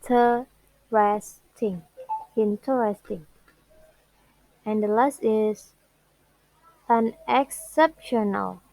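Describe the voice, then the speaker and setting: A young woman, a student whose first language is Indonesian, presenting what she learned about English word stress in a careful, halting way and drawing out example words. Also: on the high side, fairly even intonation, warm tone, no echo, low-quality recording. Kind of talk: classroom presentation.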